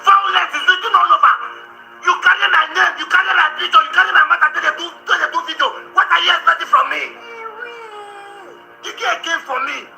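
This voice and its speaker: A man with a Nigerian accent ranting in a vlog, loud and combative, often breaking into laughter and shouts. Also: very high-pitched, steady tone, brisk, vocal fry, echoey room, faint music behind, low-quality recording. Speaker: social media commentator.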